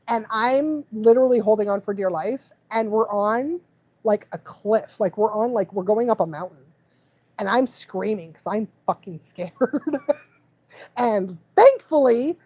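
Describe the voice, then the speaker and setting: A woman's voice: on the high side, no echo. A woman dog trainer hosting a live stream, rambling and laughing often as she goes off on tangents. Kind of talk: casual live stream chat.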